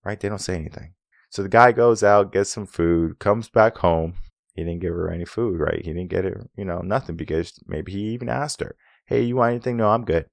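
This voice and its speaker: A man's voice: low voice, fairly quick, creaky, no room sound. A man coaching listeners on relationships in a solo talk. He makes his points with rhetorical questions and acts out bits of dialogue. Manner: acts out quoted dialogue in an animated way.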